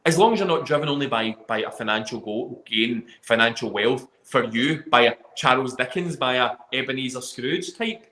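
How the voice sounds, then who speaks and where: A man's voice: mid-range voice, expressive, normal speed, few pauses, sharp tone, echoey room. A man talking in casual chat, speaking emphatically and swearing casually.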